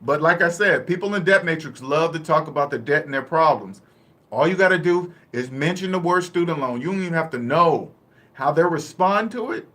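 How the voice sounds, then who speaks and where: Blunt, animated man talking money. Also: fairly high pitch. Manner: animated and blunt, laughs often, acts out quick dialogues. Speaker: personal finance vlogger. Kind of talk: casual live-stream talk.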